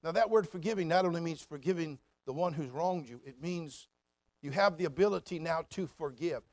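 A man in middle age preaches with a high-pitched, lively voice, folksy and full of mocking asides. The sound is close and dry, with no room around it. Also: fairly quick, dry recording. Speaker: pastor. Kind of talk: sermon.

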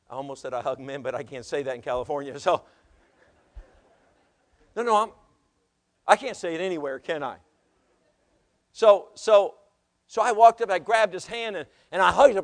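A man preaching a sermon as pastor, swinging from loud exhortation to hushed asides and telling stories from the pulpit. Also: on the high side, expressive, moderate pace, long pauses. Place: church sanctuary.

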